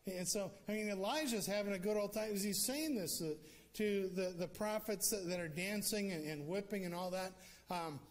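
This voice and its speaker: A man's voice: high voice, normal speed. A male preacher retelling a scripture story in a casual, conversational sermon with joking asides.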